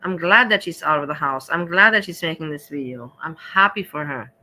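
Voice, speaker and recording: A woman hosting a livestream, reacting in casual chat, blunt and chatty with frequent swearing and halting restarts. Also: low voice, animated, bright, forceful tone, rough recording. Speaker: livestream host.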